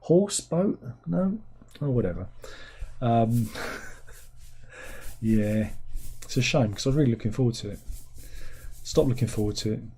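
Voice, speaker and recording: A man hosting a livestream, rambling sardonically through viewers' comments with sudden incredulous squeaks. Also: lively intonation, a little slow, long pauses, warm tone, husky. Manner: rambling, sardonic, with incredulous high-pitched outbursts. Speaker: livestream host reading chat. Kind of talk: casual chat.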